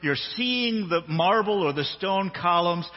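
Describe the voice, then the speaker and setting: A man preaching in a church hall on a handheld mic, high-pitched and husky, with a playful, animated delivery. His voice carries a long hall echo, and the sound is dull. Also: a little slow. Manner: animated, playful, acts out the story. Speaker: pastor. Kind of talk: sermon with dramatized reading.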